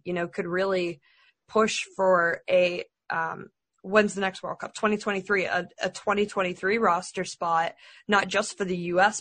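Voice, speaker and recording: A woman's voice: fairly low pitch, fairly bright tone. A woman on a casual sports podcast panel, chatting freely with many fillers. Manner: chatty, with many likes and ums.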